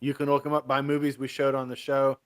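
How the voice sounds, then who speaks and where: A man co-hosting a show, chatting casually with jokes and quick banter. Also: mid-range voice, completely flat delivery, clean tone. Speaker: co-host. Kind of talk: casual chat.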